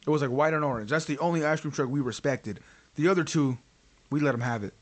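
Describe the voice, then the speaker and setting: Man, podcast host, casual storytelling, rambling, profane, higher voice. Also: quick pace. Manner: profane, rambling with frequent fillers.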